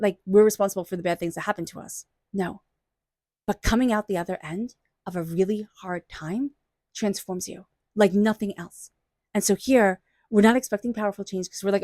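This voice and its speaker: A woman's voice: medium pitch, no room sound. Soothing woman tarot reader, dry close sound. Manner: gentle, soothing, affirming. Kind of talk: tarot reading monologue.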